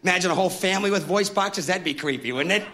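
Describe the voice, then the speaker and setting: A man doing a frantic stand-up rant, yelling his punchlines. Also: sits high, fast talker, slight background noise. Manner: frantic, yelling rants with gravelly edge. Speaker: stand-up comedian. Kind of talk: stand-up comedy set.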